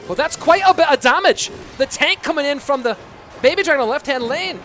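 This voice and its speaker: A man putting on a Scottish accent as an excitable esports caster, calling the game with big exclamations. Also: very high-pitched, fairly quick, slight background noise, pitched above the performer's own voice. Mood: excited. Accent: put-on Scottish. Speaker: esports commentator. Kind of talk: live game commentary. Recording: music behind the voice.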